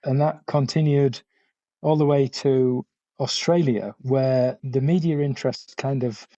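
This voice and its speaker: A man giving measured, slightly hesitant commentary as a podcast guest. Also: mid-range voice, fairly even intonation, warm tone, no echo. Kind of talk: conversational commentary. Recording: dull lo-fi recording.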